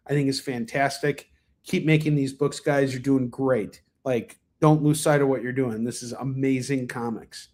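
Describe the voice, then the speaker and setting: In a steady, mid-range voice at normal speed, a male stream host reviews comics in a loose, excited way. His talk is full of fillers and restarts, broken by the occasional cough.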